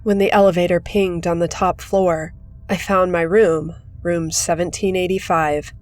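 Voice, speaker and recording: A woman reading a horror story aloud in measured, steady scripted narration. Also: fairly low pitch, soft background music.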